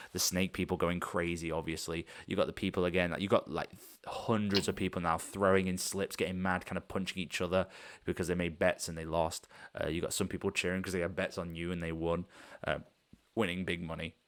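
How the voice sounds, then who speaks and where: A man's voice: deep voice, level tone, a little fast, a bit bright. A man narrating as game master in a rambling, loose way with many fillers.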